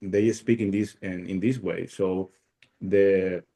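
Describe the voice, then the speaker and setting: A man's voice: deep voice, steady tone, gravelly, warm tone. A man from Paraguay with a Paraguayan Spanish accent, Spanish his first language, chatting casually on a video call with many restarts and fillers. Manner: halting, many restarts and fillers, laughs often. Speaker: guest speaker.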